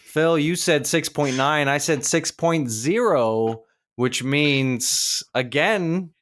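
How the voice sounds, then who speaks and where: A man co-hosting a casual podcast, reading out scores in a measured, methodical way. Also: fairly high pitch, a bit bright. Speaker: podcast co-host running a rating game. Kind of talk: casual chat.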